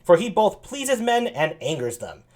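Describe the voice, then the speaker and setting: A man reading a witty young noblewoman in his own voice, mocking and deliberate. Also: high-pitched, big pitch swings, a little mellow.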